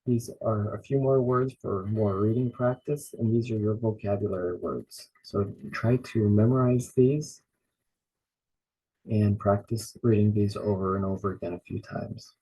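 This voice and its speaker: A man teaching an online beginners' lesson in biblical Greek, slowly drilling each word by repeating it several times. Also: lowish voice, dark tone, breathy edge, rough recording.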